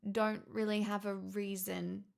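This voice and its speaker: A woman's voice: medium pitch, level tone, measured pace, gravelly, darkish tone. A woman streamer in casual chat, rambling and laughing often as she tells stories.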